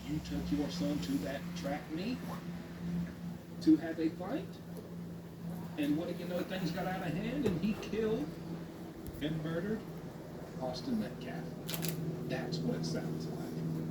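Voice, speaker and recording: Sarcastic, animated man reacting to a clip, far from the mic, echoey and noisy. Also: mid-range voice. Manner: sarcastic, incredulous. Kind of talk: casual reaction chat. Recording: roomy, distant, noisy.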